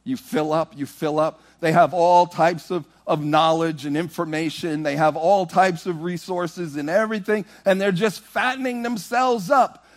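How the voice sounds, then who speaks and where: A man preaching a sermon, animated and rhythmic, moving from loud, half-sung exclamations to hushed storytelling. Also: fairly high pitch, normal speed, hardly any pauses.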